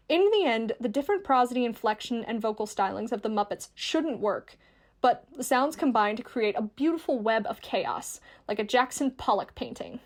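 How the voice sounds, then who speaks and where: A woman reading a scripted video essay in a clear, measured, explanatory way. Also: a little high. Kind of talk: scripted narration.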